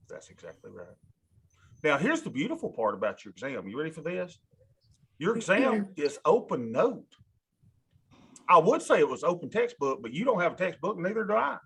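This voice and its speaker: A man lecturing a college class, animated and folksy, talking straight to his students in a classroom. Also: a little high, a little fast, slightly rough. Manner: animated, talks to students directly, folksy asides. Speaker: college instructor.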